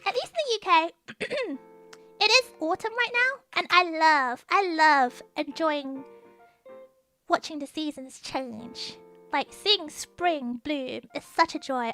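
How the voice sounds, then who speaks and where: A young woman with a British accent and a very high, bright voice that swoops lively up and down. She chats in a bubbly, quick way as a streamer, with faint music playing behind her. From United Kingdom. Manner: bubbly, chatty and quick-talking. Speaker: VTuber streamer. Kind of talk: casual chat.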